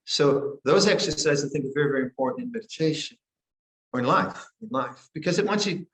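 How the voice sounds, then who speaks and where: Older man giving a calm meditation talk in an echoey hall. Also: on the high side. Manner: gentle, unhurried, with frequent restarts and pauses. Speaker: meditation teacher. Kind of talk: guided meditation and dharma talk.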